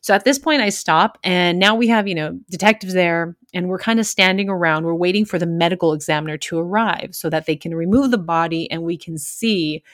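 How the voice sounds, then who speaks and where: A woman's voice: on the low side, a little fast, hardly any pauses, dry recording, studio quality. A woman who works crime scenes, casually telling a gross work story with candid laughs.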